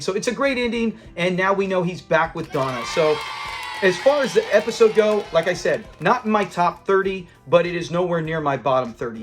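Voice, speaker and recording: A man hosting a review channel, casually recapping a sitcom episode, animated and acting out the characters' lines with bursts of laughter. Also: high-pitched. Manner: animated, acts out quoted lines and laughs while retelling.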